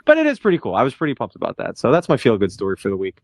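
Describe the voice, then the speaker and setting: A man co-hosting a podcast, telling stories casually and leaning on fillers. His pitch is middling, and the recording is dry and close-miked. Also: wildly swooping pitch, racing, dry recording. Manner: chatty, filler-heavy storytelling. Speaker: podcast co-host. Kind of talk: casual chat.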